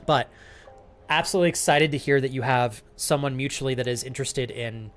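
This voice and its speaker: A man's voice: medium pitch, brisk, faint music behind. A man live-streaming a game, joking crudely with chat and thanking viewers as he plays. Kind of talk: live gaming stream banter.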